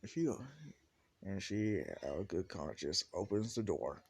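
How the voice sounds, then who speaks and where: A man casually improvising a fan-fiction story out loud, rambling with lots of "like" and restarts. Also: low-pitched, expressive, unhurried, slightly rough.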